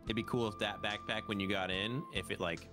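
A man with a lowish voice, talking game plans in a laid-back, matter-of-fact way. Clear game music plays behind him. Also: steady tone, brisk. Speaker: streamer teammate. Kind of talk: casual gaming chat.

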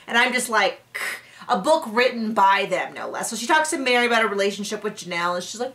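Young woman ranting thru a reality tv recap, kinda high voice, sarcastic and fed up. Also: very animated, sharp tone, recorded from a distance. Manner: sarcastic, exasperated, mocks people in quick put-on voices. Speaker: recap reviewer. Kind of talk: casual TV recap commentary.

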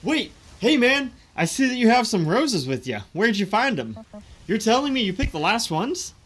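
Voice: mid-range voice, very animated, moderate pace, fairly bright tone, slightly rough, pitched above the performer's own voice. A streamer voicing an earnest, lovestruck young man in a game, with a Southern accent and an eager, pleading manner.

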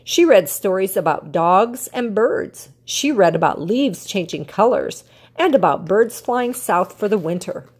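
An older woman reads a children's picture book aloud, her voice rising and falling with lively storytelling expression. There is a soft, slightly husky breathiness to her tone. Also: mid-range voice, a little slow. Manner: warm, expressive storytelling cadence.

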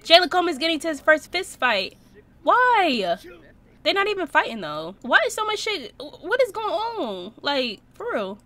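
High, lively young woman gaming. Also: normal speed. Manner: expressive, swears a lot, talks to viewers. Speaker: Sims gameplay YouTuber. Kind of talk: casual gameplay commentary.

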